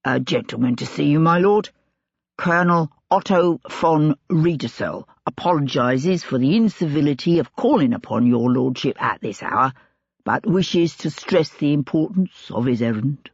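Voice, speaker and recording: A reader doing a brisk, polite male butler. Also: medium pitch, lively intonation, gravelly, slightly rough, dry recording. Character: deferential male household butler. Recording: dull, dry lo-fi recording.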